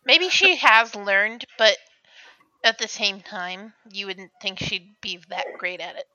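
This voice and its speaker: A woman's voice: medium pitch, expressive, takes it slowly, bright, forceful tone, no room sound, low-quality recording. A woman who laughs often, joking playfully while commenting on a film with her sister. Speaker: podcast co-host. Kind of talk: casual movie commentary.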